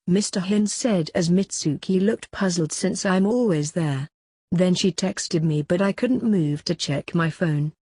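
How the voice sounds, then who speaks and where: A woman narrating a first-person story in a plain, even reading. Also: lowish voice, unhurried, breathy edge, dry recording. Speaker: audiobook reader.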